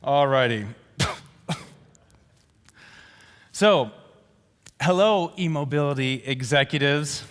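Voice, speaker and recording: Slow, theatrical game show host man. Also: mid-range voice, lively intonation, a bit bright. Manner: theatrical, teasing, sprinkles in foreign greetings. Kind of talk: playful mock game show hosting. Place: conference stage in a large hall. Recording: long reverb of a large hall.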